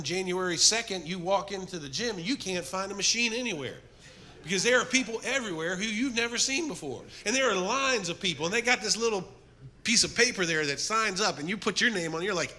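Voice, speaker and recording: Animated man preaching, bright-toned. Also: high-pitched, moderate pace. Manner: animated storytelling, dropping to a soft earnest appeal. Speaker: men's ministry speaker. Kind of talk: sermon.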